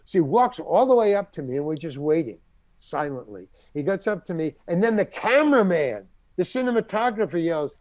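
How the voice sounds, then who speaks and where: Talking fairly quickly, an older man who is a guest actor relates a long anecdote in an animated way, voicing the other characters' lines himself. His fairly high voice is captured in a dry recording.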